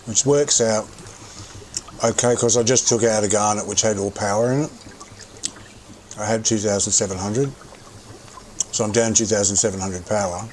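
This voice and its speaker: A man's voice: on the low side, fairly even intonation, moderate pace, long pauses, a little mellow, a little hiss or hum. A middle-aged man streaming a game, rambling casually about his gear and occasionally swearing. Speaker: gaming livestreamer. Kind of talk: casual gameplay commentary.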